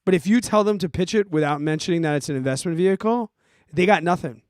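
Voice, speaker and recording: A forty-year-old man hosting a podcast, ranting in an animated, exasperated way and giving casual advice to listeners. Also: on the high side, quick pace, smooth, no room sound, studio quality. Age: 40s. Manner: animated, exasperated, emphatic, swears. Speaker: podcast host answering listener questions.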